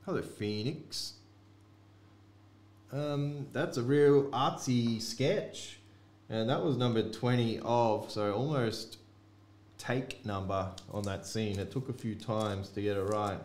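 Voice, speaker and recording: Slow-talking man, echoey room. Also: mid-range voice, darkish tone. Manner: slow, offhand, chatting to viewers. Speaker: card break host. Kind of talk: casual card-break commentary. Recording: echoey room with faint noise.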